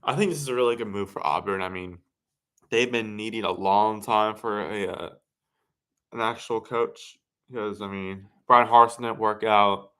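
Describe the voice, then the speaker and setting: A man hosting a casual sports livestream, talking in a rambling, halting way and correcting himself often. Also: lowish voice, a bit bright, clean tone. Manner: rambling, halting, self-correcting with many fillers. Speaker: sports stream host.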